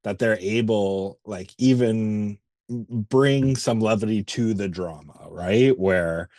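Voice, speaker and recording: Low-voiced man with a dry, close sound. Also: slow pace, darkish tone, no echo. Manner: laughs while retelling scenes, casual swearing. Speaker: podcast co-host. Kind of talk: casual movie review chat.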